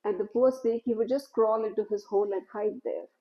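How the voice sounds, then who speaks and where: A woman telling a devotional story in a gentle, measured way, with "you know" asides. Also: mid-range voice, highs cut off.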